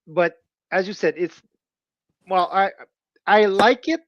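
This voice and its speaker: A man's voice: sits high, slow pace, lo-fi sound. A man from Canada co-hosting a casual chat, hesitant and stammering with repeated words. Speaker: co-host.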